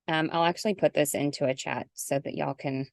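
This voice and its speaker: A middle-aged woman coaching salespeople on a video call, talking in a chatty, animated way and acting out sample messages. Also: low-pitched, brisk, creaky, no echo, studio quality. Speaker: guest coach. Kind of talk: casual zoom call. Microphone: video call mic.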